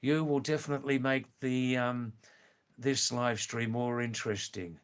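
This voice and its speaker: Slow-spoken Australian man hosting a stream. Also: medium pitch, level tone. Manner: slow, careful and clear, with frequent chuckles. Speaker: live stream host. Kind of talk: casual live-stream chat reading viewer comments.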